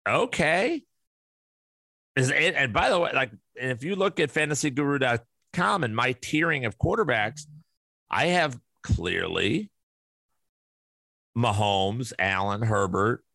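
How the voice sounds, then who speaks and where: A man's voice: medium pitch, gravelly, sharp tone, dry recording. A man hosting his own podcast, ranting in a casual, blunt way with profanity and frequent restarts. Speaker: podcast host. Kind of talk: casual solo podcast rant.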